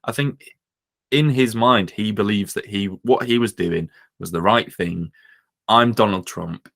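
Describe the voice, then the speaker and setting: A man's voice: lowish voice, creaky, fairly bright tone. A man co-hosting a casual political podcast, opinionated and mocking. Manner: opinionated, mocking, slips into quick impressions. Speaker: podcast co-host.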